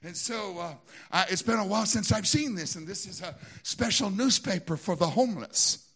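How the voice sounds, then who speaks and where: A man with a Southern American accent preaching a sermon in a church, moving between hushed storytelling and shouted exhortation. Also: sits high, animated, moderate pace, breathy edge. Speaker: pastor.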